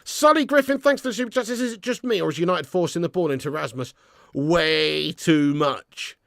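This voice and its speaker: High, gravelly, sweary football ranter. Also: male voice, moderate pace, no room sound, clean studio sound. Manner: sweary, ranting, swings between loud outbursts and low glum muttering. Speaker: YouTube fan channel host. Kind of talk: live football watch-along chat, reading super chats.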